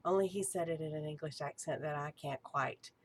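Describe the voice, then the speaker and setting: A woman's voice: sits low, fairly quick. A woman, an archpriestess and ritual director, giving an eager, chatty teaching talk.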